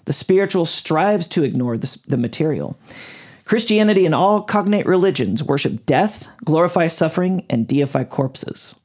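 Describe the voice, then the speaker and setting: A man's voice: fairly high pitch, normal speed. A man hosting a casual podcast, walking his co-hosts through a story and tripping over hard names. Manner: lively, explanatory, stumbles over names. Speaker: podcast host. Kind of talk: casual podcast chat, explaining a topic.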